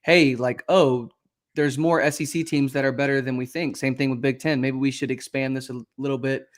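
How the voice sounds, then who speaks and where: A young man co-hosting a casual sports show, talking fast and freely, swearing and acting out what others say. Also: medium pitch. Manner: animated, swears freely, acts out quotes. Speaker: podcast co-host.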